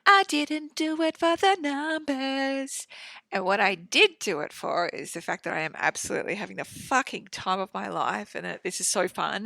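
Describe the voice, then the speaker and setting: Aussie woman rambling on her podcast, lots of swearing and likes, bit of vocal fry, dry studio. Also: fairly low pitch, bright, forceful tone, no room sound. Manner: chatty, swears freely, many fillers. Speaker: podcast host. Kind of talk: casual solo podcast monologue. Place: home studio.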